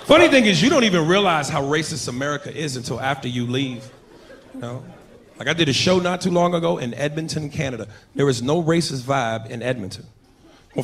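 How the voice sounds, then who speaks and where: A man doing a stand-up comedy set, telling stories in a loud, profane, animated way. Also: fairly high pitch. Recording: live club recording, crowd and noise.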